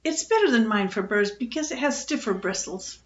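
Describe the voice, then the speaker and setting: A woman voicing an eager young boy who makes excuses, with a raised, bright voice. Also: on the high side, expressive, moderate pace, roomy sound, dull audio, lightly acted.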